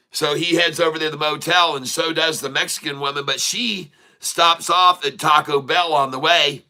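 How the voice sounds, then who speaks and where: A man's voice: mid-range voice, pushed and bright. A man hosting a day-trading livestream, rambling casually, repeating words and laughing often as he tells a joke.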